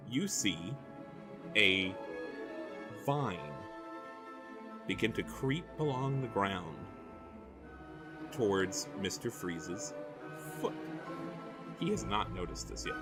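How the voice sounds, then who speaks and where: A man's voice: lowish voice, expressive, takes it slowly, long pauses, over music. A man narrating as game master in a rambling, hesitant way with many fillers.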